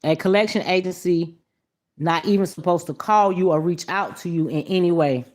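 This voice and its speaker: A woman's voice: lowish voice, moderate pace, a little mellow. Blunt, profane woman live-streaming. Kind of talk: casual live-stream commentary.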